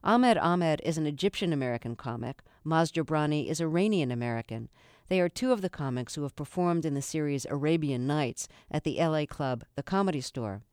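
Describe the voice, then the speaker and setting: Calm, smooth-voiced radio interviewer. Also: female voice, low voice, no room sound, studio quality. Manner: measured, calm. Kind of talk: scripted introduction and interview questions.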